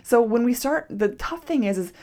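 A woman's voice: a little high, animated, normal speed, dark tone. A woman podcast host and nutrition coach talking casually and expressively, acting out quoted self-talk. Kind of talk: solo podcast monologue.

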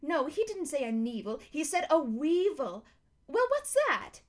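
A woman's voice: high voice, sing-song, measured pace, pitched above the performer's own voice. A woman reading a storybook aloud and voicing a chorus of newly woken talking beasts, eager and bewildered.

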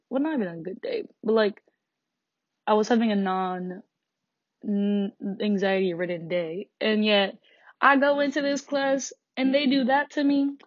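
A teenage high school student vents about school in a frustrated, sarcastic rant, swearing and laughing between lines. The recording is dry and lo-fi.

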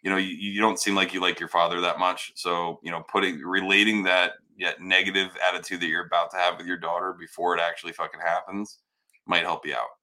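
A man's voice: sits low, little pitch movement, brisk, sharp tone. A man hosting a casual chat, blunt and swearing as he gives advice. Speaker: host.

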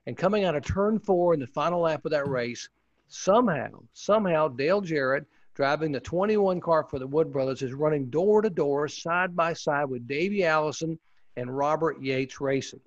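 A man's voice: fairly high pitch, normal speed, no room sound. Former pit reporter, male, eager storyteller, dull muffled audio, dry sound. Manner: enthusiastic, rambling with restarts. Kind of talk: casual storytelling interview.

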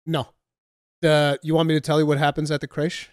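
A man chats about games on a podcast, in a fairly high voice recorded close and dry. He tells stories with animated energy and swears freely. His talk stays loose and casual. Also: fairly quick, no echo. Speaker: podcast co-host or guest. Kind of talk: casual gaming chat.

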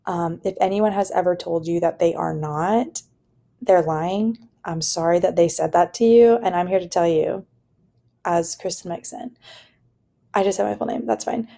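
A young woman talks alone on her podcast in a low, warm, gravelly voice. She rambles earnestly and fills her sentences with "like" and "you know". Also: moderate pace. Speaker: podcast host. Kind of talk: casual solo podcast monologue.

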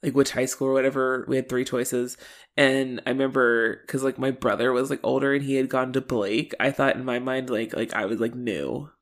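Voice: mid-range voice, fairly even intonation, normal speed. A podcast co-host with a mid-range voice chats casually. They ramble as they think aloud, stopping and restarting often and leaning on fillers. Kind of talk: casual recap chat.

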